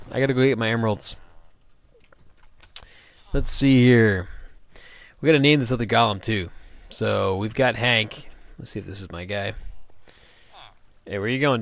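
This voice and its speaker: Chatty man narrating a game. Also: fairly low pitch. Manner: chatty, rambling, jokey, talks to game characters. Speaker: gaming video host. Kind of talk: casual let's-play commentary.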